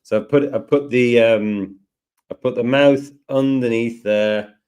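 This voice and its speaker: A man hosting a live software lesson, chatting and joking as he thinks aloud through each step. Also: medium pitch, steady tone, measured pace. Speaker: tutorial host.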